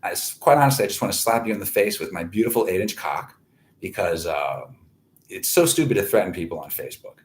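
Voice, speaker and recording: A man's voice: low voice, lively intonation, quick pace. A man hosting his own online show, talking in a profane, boastful, meandering monologue from home. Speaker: livestream host. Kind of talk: rambling crude monologue.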